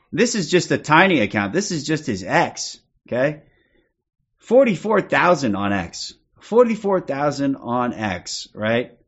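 Agitated man ranting on a livestream, lo-fi sound. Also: fairly high pitch. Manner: agitated, profane, repetitive, punctuates with "okay?". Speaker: livestream host.

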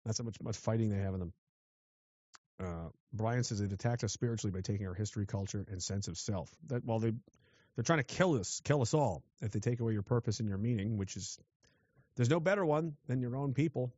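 A man's voice: fairly low pitch, a little fast, warm tone, no echo. Man, livestream rant, sardonic, swears a lot, dull lo-fi mic, dry sound. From western Canada. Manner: profane, sardonic, rambling. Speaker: livestreamer reading chat.

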